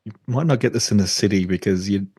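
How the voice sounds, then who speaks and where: A man co-hosting a podcast, talking in a relaxed, hesitant way with lots of fillers. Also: lowish voice, fast talker, slightly rough, no echo. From Australia. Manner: relaxed, hesitant with many fillers, laughs easily. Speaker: podcast co-host. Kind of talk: casual chat.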